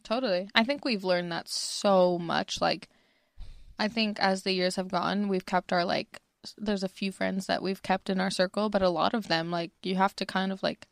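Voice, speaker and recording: A woman's voice: mid-range voice, steady tone, moderate pace, vocal fry, no room sound, clean studio sound. A young woman co-hosting a podcast in casual chat, chatty and self-conscious, full of "like". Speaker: podcast co-host.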